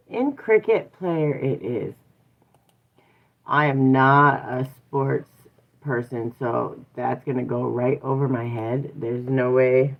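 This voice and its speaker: Relaxed live-stream host, woman, low voice, chatty and laughing, thin phone-quality audio. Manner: chatty, laughs often, talks to viewers and her daughter. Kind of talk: casual live chat.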